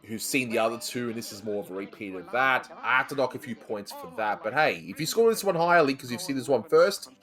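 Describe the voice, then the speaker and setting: A man hosts a relaxed podcast conversation, reviewing an old cartoon. He talks at a middling pitch in a chatty, stop-start way, restarting phrases and laughing easily. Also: fast, few pauses. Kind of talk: casual chat.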